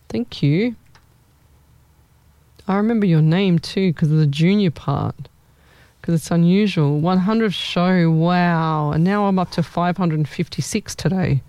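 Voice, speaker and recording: A woman's voice: lowish voice, mellow, no echo. A woman hosting a live-stream as a psychic medium, chatty and rambling, often repeating her words. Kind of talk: live-stream readings for viewers.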